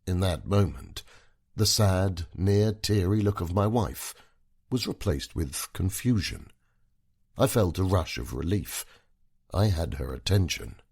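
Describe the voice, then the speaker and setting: A man narrating a first-person audiobook story in a measured, low-key way. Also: expressive, creaky, a little mellow, husky.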